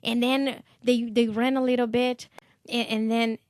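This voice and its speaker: A Brazilian woman with a fairly high voice tells stories as a podcast guest. She laughs often and swears freely, animated throughout. The sound is dry and close. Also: unhurried, dry recording. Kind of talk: casual storytelling.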